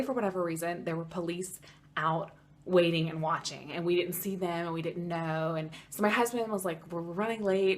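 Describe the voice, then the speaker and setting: A young American woman telling a story in a casual vlog, chatty and animated, with lots of "like" in her speech. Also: lowish voice. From United States. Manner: chatty, animated, heavy use of "like". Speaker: vlogger.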